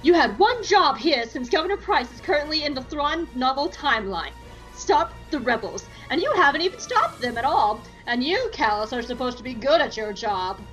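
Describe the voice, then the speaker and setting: A woman's voice: high-pitched, big pitch swings, normal speed, music in the background, voice pushed up, rough recording. Woman doing a scornful stern imperial commander. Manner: scornful, clipped, mocking.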